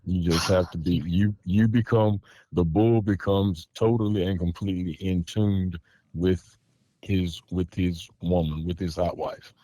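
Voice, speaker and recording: Male podcast host, very low voice, forceful repeating delivery, dry close sound. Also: fairly even intonation, measured pace, dry recording. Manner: emphatic, repetitive, profane. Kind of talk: casual podcast chat.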